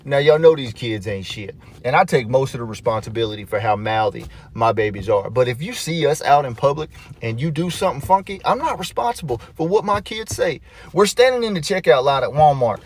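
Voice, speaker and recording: A man telling comedic stories about his kids in an exasperated, profane, animated way. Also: medium pitch, brisk. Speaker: comedic storyteller. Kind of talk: comedic storytelling.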